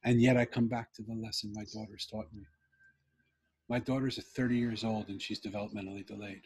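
A man's voice: on the low side, level tone, brisk, a little mellow, slightly rough. A middle-aged man, a podcast guest, telling a personal story in an earnest, heartfelt, emphatic way.

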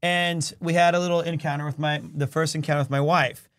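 A man's voice: a little high, brisk. A man hosting a live stream from his home, chatting casually and telling stories with lots of laughter. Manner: animated, laughing storyteller. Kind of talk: casual chat. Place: home in Japan.

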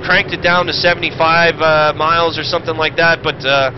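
A man calls a sim race off the cuff, excitable and profane, with a voice set a little high. The audio is dull and muffled, and loud game engine noise runs underneath. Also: fairly quick. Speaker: sim racing commentator and streamer. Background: racing game engine noise.

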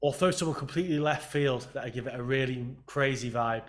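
A man hosting a casual interview chat, upbeat and quick to laugh with enthusiastic reactions. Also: mid-range voice. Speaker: host.

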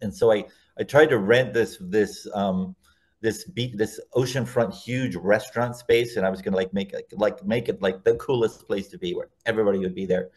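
A man in a relaxed interview, recounting his story at length as a guest. His voice sits on the lower side, and he rambles, circling back and rephrasing as he goes. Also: normal speed. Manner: rambling, self-correcting anecdotes.

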